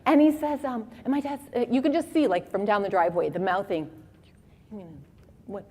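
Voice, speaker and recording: Animated, high-voiced woman in her forties. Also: fast, slightly rough. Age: 40s. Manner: animated, humorous storytelling. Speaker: conference speaker. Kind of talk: storytelling talk. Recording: long reverb of a hall.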